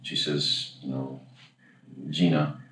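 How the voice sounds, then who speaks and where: A man's voice: a bass voice, moderate pace. A man coaching a class in a casual, rambling way, often correcting himself and acting out example lines. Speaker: dating coach. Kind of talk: casual workshop lecture. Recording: echoey room, far from the mic, faint background noise.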